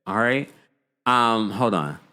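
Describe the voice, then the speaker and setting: A man hosting a live recap show, chatting casually, reading out viewer comments and gossiping with animated energy. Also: on the low side, slow pace. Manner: animated, gossipy, mimics people in quotes. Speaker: podcast host.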